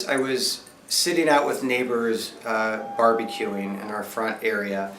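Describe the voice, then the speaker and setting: A man telling a relaxed story in a documentary interview, with a few fillers. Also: lowish voice, unhurried, a little hiss or hum. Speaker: interviewee, cat owner. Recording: echoey room.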